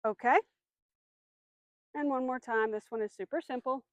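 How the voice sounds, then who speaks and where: A woman dog trainer giving a clear, patient lesson outdoors, with firm short commands. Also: sits high, moderate pace, long pauses, dry recording, dull audio. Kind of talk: instructional demonstration.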